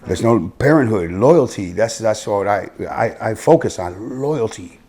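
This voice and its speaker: A man from Miami with a husky voice and a Miami accent, telling stories bluntly in a casual interview, swinging between loud and hushed. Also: on the low side, expressive, unhurried. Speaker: interview guest, youth football coach. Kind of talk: casual storytelling conversation.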